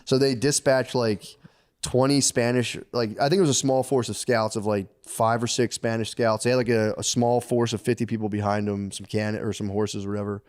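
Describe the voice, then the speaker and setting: A man telling a long story on a comedy podcast at an ordinary, middle pitch. His delivery is laid-back and rambling, thick with swearing and loose asides. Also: little pitch movement, brisk, a little mellow. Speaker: podcast co-host.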